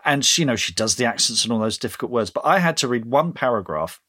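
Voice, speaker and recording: A man's voice: mid-range voice, animated, quick pace, sharp tone, no room sound, studio quality. A man co-hosting a podcast, enthusiastic and rambling, often laughing as he talks. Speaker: podcast co-host. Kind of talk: casual podcast chat.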